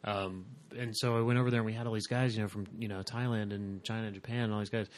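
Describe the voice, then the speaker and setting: A man's voice: lowish voice, steady tone, fast, slight background noise. A man in a casual chat, telling stories in an easy, dry way.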